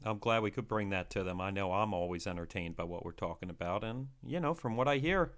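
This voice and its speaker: Low-voiced, agreeable male co-host. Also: brisk, a bit bright. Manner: agreeable, affirming. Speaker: podcast co-host. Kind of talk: casual chat.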